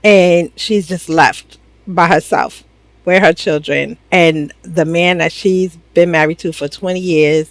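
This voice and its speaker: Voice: mid-range voice, vocal fry, no echo, poor audio. A reviewer recapping a TV drama in a casual, blunt, slangy way, acting out the characters' lines. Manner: animated, acts out the characters' lines.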